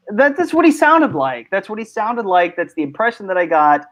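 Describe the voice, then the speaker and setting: A man's voice: sits high, animated, moderate pace, hardly any pauses, a bit bright, dull audio. A man hosting a casual panel chat, talking in rambling bursts with many restarts and laughs. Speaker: host.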